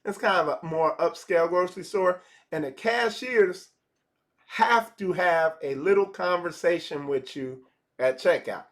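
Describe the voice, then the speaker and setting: A man's voice: high-pitched, a little slow. A man giving a casual livestream lesson, talking conversationally, repeating phrases and acting out small dialogues. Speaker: spiritual teacher.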